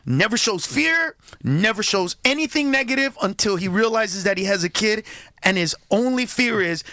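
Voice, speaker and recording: A man with a very high, bright, forceful voice, ranting in comic bits. He talks in an animated way, slips into acted-out voices and shouts his punchlines. He grew up in a big Hispanic family in the US. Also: moderate pace, no echo. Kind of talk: comedic rant.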